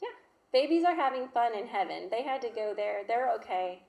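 A woman voicing her young daughter, a calm, reassuring little girl. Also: a little high, moderate pace, gravelly. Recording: roomy echo.

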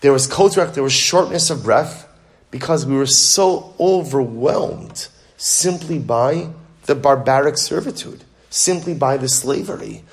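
Slightly high and creaky, this man's voice leads an energetic Torah lesson where he raises questions and answers them himself. He talks in fast spurts and frequently starts over.

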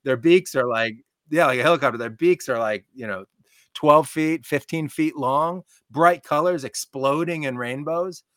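A man, a podcast guest, telling a personal story in an animated, excitable way, peppering it with "like.". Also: on the high side, normal speed, no room sound, studio quality. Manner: excitable, repeats "like" often.

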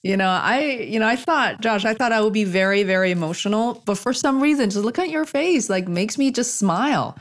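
An effusive woman hosts a casual interview, laughing easily. Her voice leaps upward whenever she is moved. Otherwise it sits at a middle pitch for a woman. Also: lively intonation, brisk, hardly any pauses. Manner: effusive, laughing, voice jumping up with feeling. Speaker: host.

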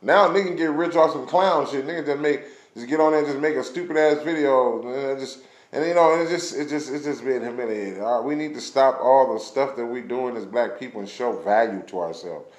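A man's voice: medium pitch, fairly quick, echoey room. A man delivering a blunt, passionate rant full of profanity, as in a recorded vlog. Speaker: vlogger ranting on camera.

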